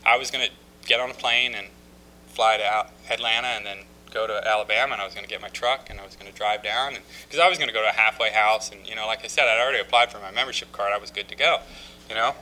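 A man with a very bright, sharp-edged voice tells his recovery story to a group. He speaks haltingly, often restarting his sentences, and mocks himself with wry humor along the way. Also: fairly low pitch, steady tone, low-quality recording. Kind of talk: personal testimony talk.

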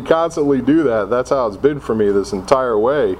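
A man's voice: medium pitch, moderate pace, few pauses, slight background noise. A middle-aged man from Connecticut sharing his own story with a group in a casual, self-mocking way, acting out his old reactions as he goes. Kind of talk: personal recovery talk to a group.

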